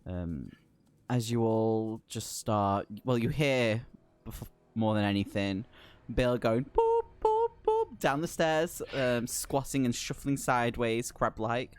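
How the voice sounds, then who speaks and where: Guy gm narrating a horror game, lots of ums, relaxed mid voice. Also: mid-range voice, takes it slowly, clean tone. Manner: casual, hesitant with many ums. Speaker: game master.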